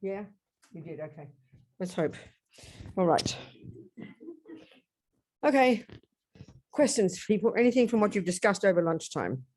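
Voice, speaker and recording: Mellow-voiced woman teaching a workshop. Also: medium pitch, a little slow, long pauses. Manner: lively, acts out inner voices and asks the audience questions. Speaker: Buddhist teacher.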